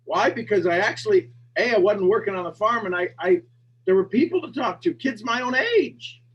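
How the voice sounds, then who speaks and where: A man's voice: high-pitched, lively intonation, normal speed, husky. A man hosting a group call, chatting casually, often laughing and at times getting emotional. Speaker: host. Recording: dull lo-fi call audio with faint hum.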